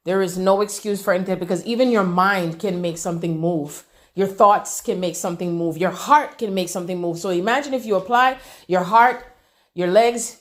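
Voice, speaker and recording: A woman delivering a channeled spiritual message, repeating phrases in an incantatory way and swinging between loud declarations and near-whispers. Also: medium pitch.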